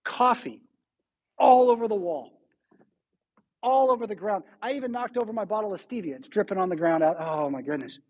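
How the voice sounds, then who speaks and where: A middle-aged man preaching a sermon as pastor, telling stories with sudden loud and soft swings. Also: sits high, lively intonation, brisk, breathy edge, muffled recording. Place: church sanctuary.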